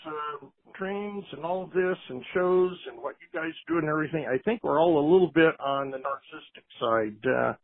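A man's voice: a little high, dry recording. A man leaving a long, rambling voice message for a podcast as a caller. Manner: chatty and long-winded. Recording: tinny phone line.

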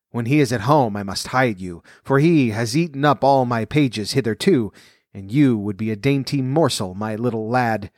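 A loud, bossy one-eyed giantess from a storybook, put on by a man reading aloud. She scolds and commands in a booming tone, slightly raised in pitch. The sound is dry and close. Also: dry recording, natural voice.

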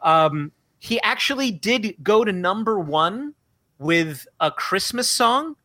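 A man with a bright, slightly high voice chats casually on a podcast. He tells stories in an animated way, with plenty of likes and ums. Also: slow pace. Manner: animated storytelling, many fillers. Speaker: podcast co-host. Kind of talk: casual chat.

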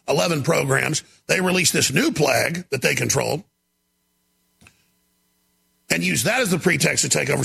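A man hosting a talk show, delivering an emphatic, ranting monologue with a gravelly voice. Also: on the high side. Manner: gravelly, shouting, emphatic rants.

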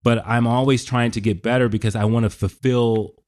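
A man's voice: medium pitch, fairly even intonation, a little fast, darkish tone. A middle-aged man co-hosting a podcast, talking reflectively in long, winding sentences with frequent restarts. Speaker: podcast co-host. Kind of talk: casual podcast conversation.

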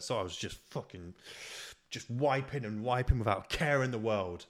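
A man's voice: fairly low pitch, steady tone, fast. A young man hosting a podcast, telling a comically petty story in a profane, ranting way. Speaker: podcast host. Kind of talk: casual storytelling monologue.

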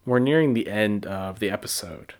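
A man's voice: lowish voice, moderate pace, very noisy. An American man hosting a solo podcast, talking reflectively in a rambling way with fillers and restarts. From United States. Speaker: podcast host.

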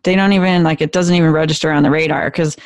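A woman hosting an interview, affirming and encouraging her guest. Her voice has a gravelly fry to it, recorded dry and close. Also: deep voice, steady tone, quick pace, no echo. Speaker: host. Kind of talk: interview conversation.

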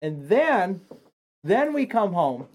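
A man telling a story on a casual home podcast, swearing constantly and getting animated as he goes. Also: high voice, takes it slowly. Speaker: streamer's partner. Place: home stream office.

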